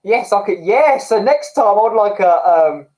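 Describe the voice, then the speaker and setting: A young man hosts a livestream, rambling casually and reading out viewer comments in an expressive, animated way. His voice is high-pitched, unhurried and a little mellow, rising and falling a great deal, and the recording quality is low.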